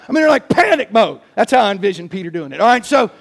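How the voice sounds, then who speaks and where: High-voiced preacher. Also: male voice, fast talker, vocal fry, few pauses, raised voice. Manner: animated, joking, emphatic preaching. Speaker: pastor. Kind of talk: sermon.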